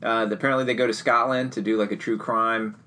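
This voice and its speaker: A man's voice: on the low side, fairly even intonation, fast talker, bright, forceful tone. A man co-hosting a podcast, chatting in an easygoing, rambling way with wry humor. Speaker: podcast co-host. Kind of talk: casual chat.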